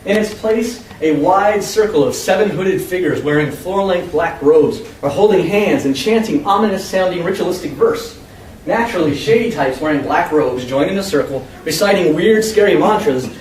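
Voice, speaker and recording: High-voiced man reading fiction aloud. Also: normal speed. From United States. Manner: expressive, emphatic storytelling. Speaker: author reading his own story. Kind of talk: live public reading of first-person fiction. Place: convention room with an audience. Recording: echoey room, far from the mic, faint hum.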